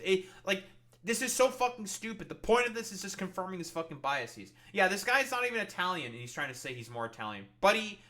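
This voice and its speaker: A man's voice: high-pitched, sharp tone. A man reacting to a video in profane, sarcastic, exasperated commentary. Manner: sarcastic, exasperated, swears constantly. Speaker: commentary streamer.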